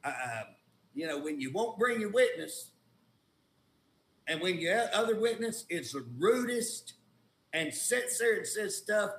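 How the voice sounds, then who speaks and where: Indignant Oklahoma legislator, folksy talker with a higher pitch and a gravelly edge; echoey room. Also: male voice, animated, a little slow, long pauses, fairly bright tone. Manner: folksy, indignant storytelling with colloquial grammar. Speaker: state legislator, guest. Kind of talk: casual talk show conversation.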